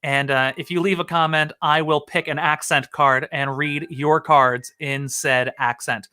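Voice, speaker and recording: A man's voice: on the high side, steady tone, measured pace, pushed and bright, clean tone. A man hosting a comedy stream, chatting casually to camera in a rambling, self-mocking way and laughing often.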